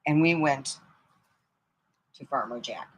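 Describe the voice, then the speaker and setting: A middle-aged woman from Michigan telling rambling comic stories, swinging between loud outbursts and mutters and laughing at her own jokes. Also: rumbling low, slow pace, muffled recording, a little hiss or hum. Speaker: comedy storyteller. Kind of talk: casual comic storytelling.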